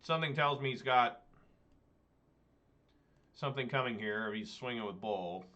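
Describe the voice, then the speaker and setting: A man's voice: medium pitch, moderate pace, pushed and bright. A man giving casual, chatty commentary while playing an online card game, swearing when the deck lets him down.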